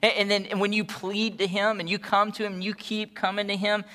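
A man preaching a sermon as a pastor, earnest and pleading, moving between quiet, soft passages and impassioned ones. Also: sits high, level tone, brisk.

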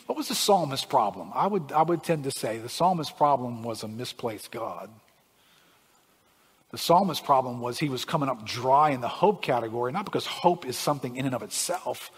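A male pastor preaching a sermon, swinging from hushed lines to shouts. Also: medium pitch, expressive, a little fast, husky. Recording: long hall reverb.

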